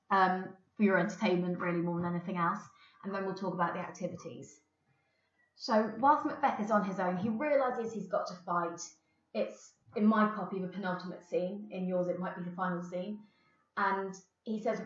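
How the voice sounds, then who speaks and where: A woman's voice: medium pitch, pushed and bright. English woman teacher in a roomy room. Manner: explains and reads quotations plainly. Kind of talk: recorded remote lesson. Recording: roomy, dull lo-fi sound.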